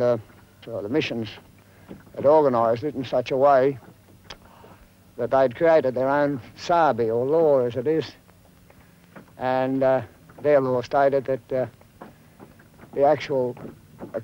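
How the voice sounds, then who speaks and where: An older man speaking slowly in an interview, pausing often with fillers as he recalls the past. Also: mid-range voice. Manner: slow, halting, many uh fillers. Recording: dull lo-fi film audio.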